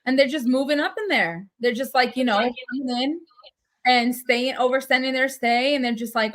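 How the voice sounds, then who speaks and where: Woman co-host, chatty, sarcastic, slightly high voice. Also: normal speed, fairly bright tone. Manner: chatty, sarcastic asides, laughs often. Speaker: podcast co-host. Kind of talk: casual chat.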